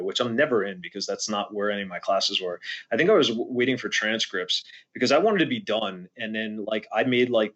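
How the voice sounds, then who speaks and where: A man's voice: fairly low pitch, fairly bright tone, dull audio. A man in his forties from New Jersey, rambling through a casual story in an interview and acting out what others said. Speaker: podcast guest, former drummer.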